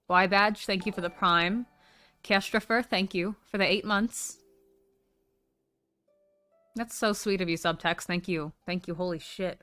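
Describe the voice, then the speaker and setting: Over soft background music, a woman speaks a little fast in a fairly low, slightly bright voice with fairly even intonation. It's casual stream chat, heavy on swearing and effusive thanks for donations.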